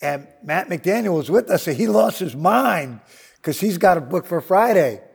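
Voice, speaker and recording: A man's voice: sits high, animated, moderate pace, creaky, husky, in a large hall. A man telling a story in a casual interview, acting out quotes, laughing often and swearing freely. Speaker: guest storyteller.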